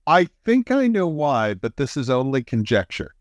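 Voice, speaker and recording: Middle-aged male co-host, chuckling raconteur with a lively pitch and a dry, close sound. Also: moderate pace, no echo. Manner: animated, chuckling, pitch jumps up for emphasis. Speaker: podcast co-host. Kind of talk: casual storytelling chat.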